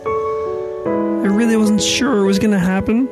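A creepy storyteller, as a man puts him on, creeps through a tale at a crawl. Each word drags out with an eerie, storybook weight. Loud music plays underneath. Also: high-pitched, fairly even intonation, voice pushed up. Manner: drawn-out, eerie storybook telling. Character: creepy slow-talking male storyteller.

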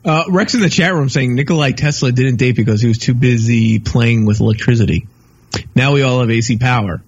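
A man's voice: mid-range voice, fairly quick, slightly rough, lo-fi sound. A man hosting a radio talk show, reasoning through the banter and reading chat room comments aloud. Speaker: host.

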